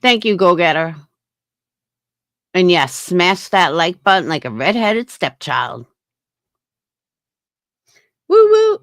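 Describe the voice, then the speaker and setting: A woman's voice: lowish voice, animated, a little slow, long pauses, fairly bright tone, no echo, studio quality. A woman hosting a casual livestream, talking bluntly with frequent swearing and answering her chat. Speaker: livestream host.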